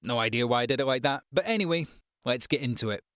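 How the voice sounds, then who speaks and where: A man's voice: medium pitch, lively intonation, quick pace, fairly bright tone, dry recording, studio quality. A man hosting a casual voice-over tips video, chatty and self-deprecating, with fillers and restarts. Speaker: voice-over artist and channel host.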